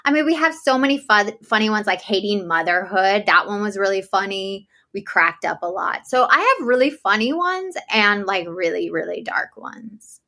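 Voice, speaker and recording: A woman's voice: medium pitch, animated, moderate pace, few pauses, sharp tone. A woman being interviewed about her podcast, answering in an earnest, chatty way and laughing easily. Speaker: podcast host as guest. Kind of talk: casual conversational interview.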